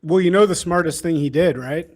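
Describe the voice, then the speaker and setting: A man's voice: on the high side, brisk. A man in a casual political conversation, speaking in a chatty, blunt way.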